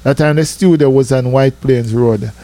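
A man's voice: medium pitch, normal speed, no echo. Chatty Jamaican man on dry radio. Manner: lively, chatty, full of asides like "I tell you, man". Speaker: radio host. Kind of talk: casual storytelling on radio.

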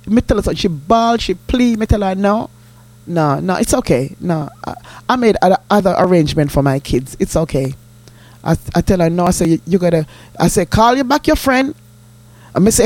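A woman's voice: mid-range voice, darkish tone, no echo. A woman with a Jamaican accent telling a story in an indignant, emphatic way, repeating herself as she makes her point. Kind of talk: storytelling monologue.

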